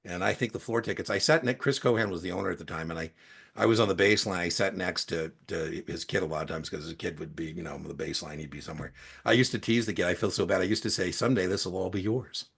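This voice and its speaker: Gravelly rambling storyteller man. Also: low voice, fast, fairly bright tone. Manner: rambling anecdotes with many restarts and fillers. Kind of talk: casual storytelling.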